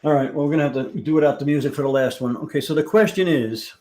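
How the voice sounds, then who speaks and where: A man's voice: a little high, quick pace, warm tone, poor audio. Chatty man hosting live trivia. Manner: chatty, thinks aloud, reads out viewer answers. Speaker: livestream trivia host. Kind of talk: casual live-stream chat.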